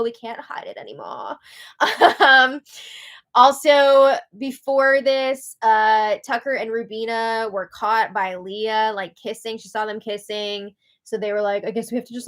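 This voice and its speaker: Hosting a live recap, this higher-voiced woman keeps things casual, shifting from loud outbursts to quiet, hushed comments. Sarcastic asides and frequent laughter run through her talk.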